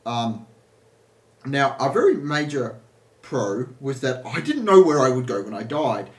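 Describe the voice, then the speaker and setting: A man's voice: mid-range voice, sing-song, a little slow, roomy sound. A man talking casually as an energy healer, rambling with restarts and asides. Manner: rambling, with many restarts and laughs. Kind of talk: casual spoken monologue.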